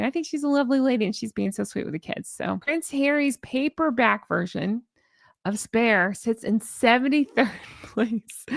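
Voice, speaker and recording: A woman's voice: fairly high pitch, vocal fry, fairly bright tone, no room sound, studio quality. A woman hosting a casual live-stream commentary, chatty and gushing as she reads viewer comments aloud. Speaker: YouTube commentary host.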